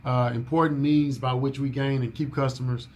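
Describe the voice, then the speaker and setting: A man's voice: mid-range voice, flat delivery, normal speed, slight background noise. A man leading a staff orientation in a coaching manner, repeating his key points and asking if people follow. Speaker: business owner training new staff.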